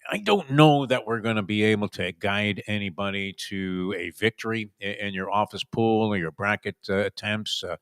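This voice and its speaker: A man's voice: lowish voice, moderate pace, few pauses, a bit bright, smooth, no room sound, studio quality. Wry, rambling male sports talk host. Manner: wry, sarcastic, rambling with many fillers.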